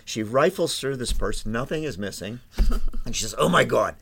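A man's voice: medium pitch, lively intonation, moderate pace, a little hiss or hum. A middle-aged man, a podcast host, telling casual rambling anecdotes with lots of restarts. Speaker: podcast host and tour guide. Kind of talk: casual storytelling.

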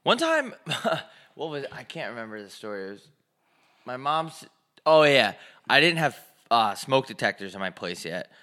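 A man's voice: mid-range voice, sing-song, moderate pace, bright, forceful tone. A young man co-hosting a casual podcast, sarcastic and profane, full of mock outrage. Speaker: podcast co-host. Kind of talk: casual crude podcast banter.

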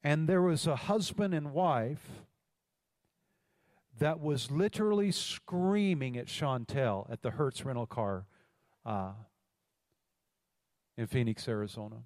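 A man's voice: mid-range voice, slow pace, pauses often, darkish tone. A man preaching a sermon as pastor, telling a story and calling out to the congregation for responses. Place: large church hall. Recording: long hall reverb.

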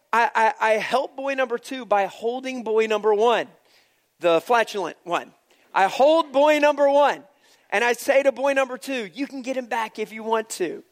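A man in his thirties preaches a sermon to his congregation. His voice sits high, and he tells stories with animated energy, then drops to a hushed tone for serious points. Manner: animated storyteller, swings from hushed to loud. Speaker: pastor.

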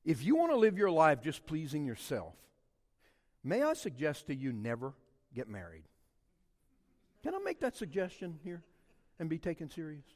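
A middle-aged man from Louisiana preaching a sermon and telling personal stories, swinging from quiet, low passages to loud, passionate peaks. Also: huge pitch swings, moderate pace, pauses often, in a large hall.

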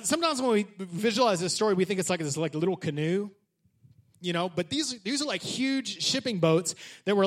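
A male pastor preaching a sermon in an animated, conversational way, often turning to the congregation with questions. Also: high-pitched.

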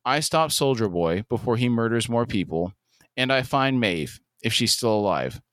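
A man's voice: mid-range voice, expressive, normal speed, a bit bright, no echo, clean studio sound, lightly acted. Defiant young heroine, read by a man. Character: defiant young superheroine, woman.

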